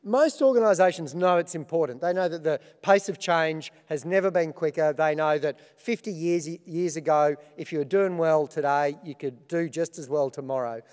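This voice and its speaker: A man's voice: on the high side, normal speed, few pauses, a little mellow, clean tone, big-room sound. A middle-aged Australian man hosting an awards ceremony, telling self-deprecating stories with dry punchlines. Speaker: awards host. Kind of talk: comic opening speech.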